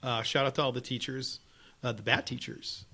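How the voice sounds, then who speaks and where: A man co-hosting a podcast, telling stories in casual chat with lots of laughs and lively swings. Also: medium pitch, normal speed, husky. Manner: animated, laughing storyteller. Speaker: podcast co-host.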